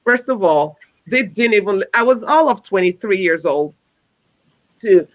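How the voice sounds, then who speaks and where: A woman's voice: mid-range voice, animated, measured pace, poor audio. A woman in her forties, an educator, telling a story in a conversational way. She speaks earnestly, with many restarts and repeated words, and ends by urging listeners on. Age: 40s. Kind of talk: conversational storytelling on a wellness talk.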